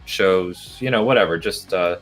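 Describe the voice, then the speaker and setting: Brief: low male voice, easygoing guest thanks, rambling. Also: normal speed, fairly bright tone, faint music behind, low-quality recording. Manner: friendly, rambling with fillers. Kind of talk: casual chat.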